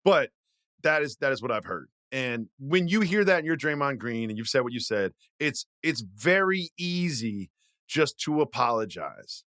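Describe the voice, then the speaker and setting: A man co-hosting a sports podcast, talking casually in an animated, disbelieving way and laughing through his rants. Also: mid-range voice, normal speed, no echo, clean studio sound. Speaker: podcast co-host.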